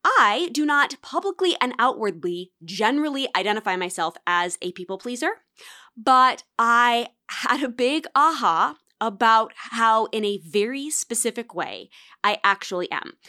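A woman's voice: on the high side, pushed and bright. Chatty, reflective woman podcast host. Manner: chatty, reflective, acts out quoted voices. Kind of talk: casual solo podcast talk.

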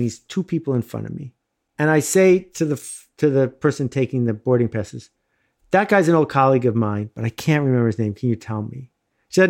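Animated man telling a funny story. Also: fairly high pitch. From United States. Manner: animated, self-deprecating, laughs often. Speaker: guest telling a personal story. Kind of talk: casual anecdote, conversational storytelling.

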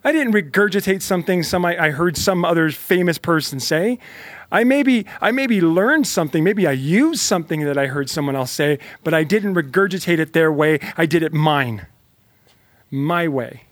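A man's voice: fairly high pitch, normal speed, a bit bright, no echo. A man giving an emphatic motivational talk straight to the listener, repeating phrases to build energy. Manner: emphatic, repetitive, fired-up; talks directly to the listener. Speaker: motivational speaker. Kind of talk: motivational monologue.

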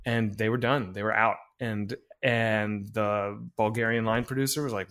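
A filmmaker telling a long story in a casual interview, full of fillers and restarts, acting out bits of dialogue. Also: male voice, fairly low pitch, normal speed, clear, resonant tone. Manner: animated anecdote-telling with many fillers and restarts; acts out quoted dialogue. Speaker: filmmaker guest.

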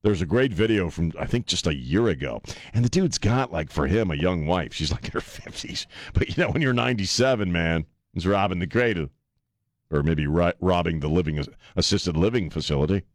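A man with a low voice hosts a talk radio show, rambling loosely and poking fun at himself between filler words. The studio sound is close and dry, with no room echo. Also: expressive, fairly quick. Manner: loose and rambling, lots of uh fillers and self-mocking jokes. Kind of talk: casual talk radio chat. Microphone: studio microphone.

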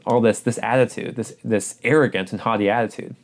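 A man's voice: mid-range voice, fairly quick, darkish tone. A man preaching a sermon, earnest and urgent, repeating phrases for emphasis.

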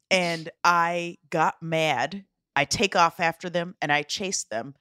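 A woman guest comedian tells a story with a lively, swooping pitch. She acts out the other people in the story. Her voice sounds close and dry. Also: takes it slowly, hardly any pauses, dry recording.

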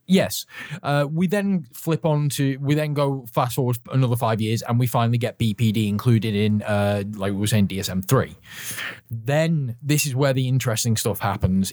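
A man's voice: mid-range voice, a little mellow, no room sound, clean studio sound. A man hosting a podcast, chatting casually in a rambling way, swearing now and then and laughing often while he sips a drink. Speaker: podcast host.

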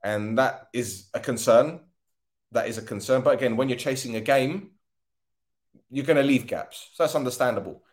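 Weary, sarcastic football podcaster. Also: male voice, medium pitch, normal speed. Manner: frustrated, sarcastic, swears. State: tired. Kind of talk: casual post-match rant.

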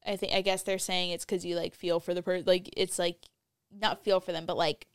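A woman's voice: lowish voice, little pitch movement, brisk, smooth, no echo, clean studio sound. A tired woman chatting casually, telling stories and acting out what people said. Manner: chatty storyteller, acts out quotes. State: tired, yawning. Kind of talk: casual chat.

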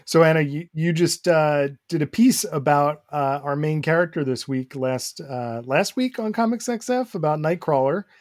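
A man's voice: fairly high pitch, normal speed, hardly any pauses, a little mellow, no echo, studio quality. A man co-hosting a casual podcast who laughs often and drops in brief remarks. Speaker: podcast co-host.

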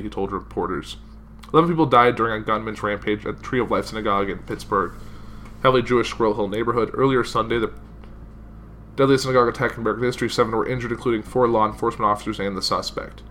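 A man's voice: mid-range voice, sharp tone. A young man reading a news article aloud and giving casual opinions, with many "like" fillers. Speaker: political commentary vlogger.

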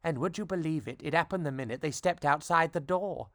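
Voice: mid-range voice, a little fast, a bit bright, no room sound, clean studio sound, close to an everyday voice. A storybook reader voicing a preachy, self-assured female fairy who lectures her friend. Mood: wry. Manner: lecturing, speechifying.

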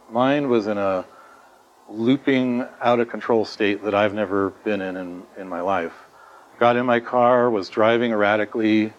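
A middle-aged man telling his own story in an earnest, halting way, with many fillers and restarts. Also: lowish voice. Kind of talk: personal testimony. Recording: dull lo-fi sound with faint noise.

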